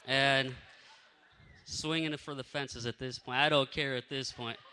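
A man telling a faith testimony in a lively, casual way, acting out what people said. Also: mid-range voice, measured pace, clear, resonant tone, big-room sound. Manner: energetic, animated storyteller who acts out what people said. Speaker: speaker sharing a faith testimony.

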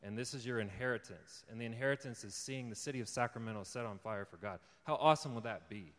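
A young lay preacher talks fast in a mid-range, fairly bright voice while giving a testimony as an informal sermon to a live audience. He tells his story conversationally and laughs often, building to fervent encouragement, with long hall reverb in the recording.

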